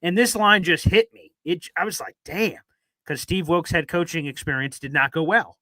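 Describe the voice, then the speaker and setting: A man's voice: on the high side, a little fast, sharp tone, no room sound, rough recording. A young man hosting a sports radio talk show from a radio station studio, chatting casually with self-deprecating jokes. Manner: rambling, self-deprecating, jokey.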